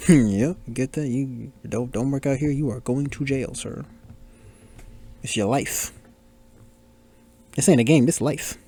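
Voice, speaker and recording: Speaking a little slowly with long pauses, a man with a dark, mid-range voice hosts a podcast. He talks loosely over a film, exclaiming at scenes and joking about the characters as they appear.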